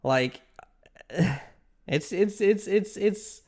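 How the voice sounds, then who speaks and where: A streamer talking loosely to chat at a desk mic, with a medium-pitched voice that swings up and down a lot. The talk meanders, stalls on repeated words and restarts mid-sentence. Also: lively intonation, drawn-out words, darkish tone. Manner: rambling, many restarts and repeated "like". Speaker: livestreamer. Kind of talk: casual livestream chat, answering viewers.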